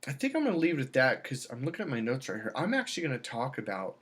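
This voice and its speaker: A man's voice: medium pitch, wildly swooping pitch, rapid-fire, a bit bright, breathy edge. A man who works as a dating coach, talking casually in a rambling, salesy way with frequent restarts. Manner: rambling, salesy, repeats himself. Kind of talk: casual self-filmed vlog.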